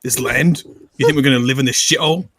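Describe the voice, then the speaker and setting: A man's voice: medium pitch, fast talker, a bit bright, no echo. A man playing in a tabletop game, crude and aggressive, swearing a lot in character. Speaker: player. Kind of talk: in-character tabletop role-play.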